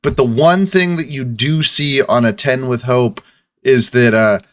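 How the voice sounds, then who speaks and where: A man narrating as game master of a tabletop game, in loose, relaxed speech full of fillers. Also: mid-range voice, unhurried.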